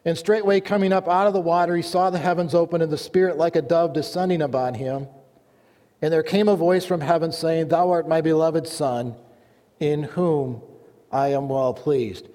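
A man's voice: on the high side, fairly even intonation, brisk, warm tone. Man preaching in a reverberant hall. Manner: earnest preaching with a folksy joke. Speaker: pastor. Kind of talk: sermon with scripture reading.

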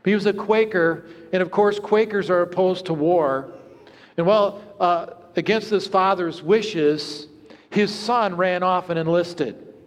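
A man preaching a sermon in a church, earnest and storytelling, dropping to hushed low tones at moments. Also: unhurried, long reverb tail. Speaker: pastor. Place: church sanctuary.

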